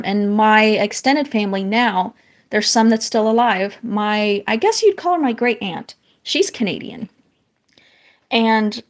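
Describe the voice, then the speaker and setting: Woman, 30s, from the northern US; casual streamer who reads chat aloud, rambles and restarts often. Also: medium pitch. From northern United States. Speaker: streamer chatting with viewers while drawing.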